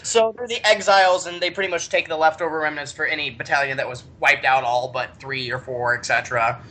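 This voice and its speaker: Bright-voiced man telling rambling stories. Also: a little high, a little fast. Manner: rambling, animated, many restarts. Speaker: podcast co-host. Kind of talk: casual chat, storytelling.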